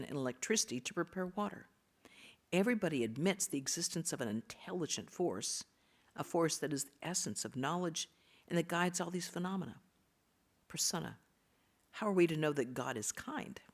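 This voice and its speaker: A woman with a low, deep-set voice reads a spiritual text aloud to a study group. Her delivery is slow and measured, often sinking into soft half-whispers. Now and then she stops to explain a term in a plain aside.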